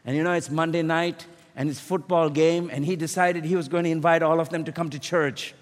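A man preaching a sermon, telling a story and rising into shouted emphasis. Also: a little high, steady tone, brisk. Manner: builds to shouted emphasis, storytelling with acted quotes. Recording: long hall reverb.

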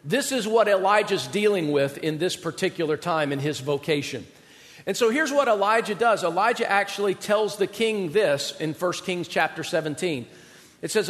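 A man preaching a sermon in an animated, conversational storytelling manner, recorded in a church sanctuary. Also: high-pitched, normal speed. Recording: reverberant hall.

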